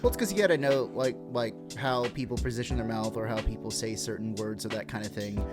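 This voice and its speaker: Talking fast in a fairly low voice with music in the background, a young Texan co-host of a casual podcast meanders through his explanations. His Texan accent comes through, along with plenty of fillers and swearing.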